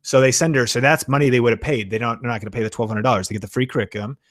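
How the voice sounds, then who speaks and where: A man's voice: mid-range voice, racing. Man, live-stream host, enthusiastic, chatty, lots of ums and likes. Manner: enthusiastic, excitable, many fillers. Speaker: YouTube channel host.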